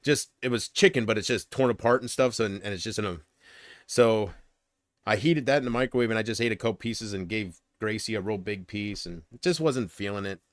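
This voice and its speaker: A man chatting casually on a livestream, rambling and griping. He swings from loud complaints to muttered asides and trails off mid-sentence. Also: on the low side, a little fast, no echo, studio quality.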